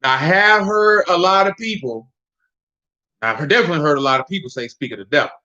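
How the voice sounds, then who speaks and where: Animated preacher man, lo-fi sound. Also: high-pitched, fairly quick. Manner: animated, jokey asides and rhetorical questions. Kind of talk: casual street-talk sermon. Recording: dull lo-fi recording.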